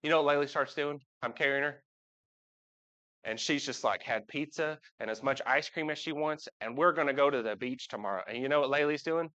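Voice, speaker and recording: Speaking fairly quickly, this man has a mid-range voice that comes across pushed and bright. He's giving a casual live sermon in a church sanctuary, talking with the congregation and asking it questions, captured on a dull, lo-fi live church recording.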